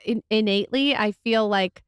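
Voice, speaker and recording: A woman's voice: medium pitch, moderate pace, clean tone, no room sound, clean studio sound. A woman in her thirties co-hosting a podcast, chatting casually and a bit hesitantly. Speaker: podcast co-host.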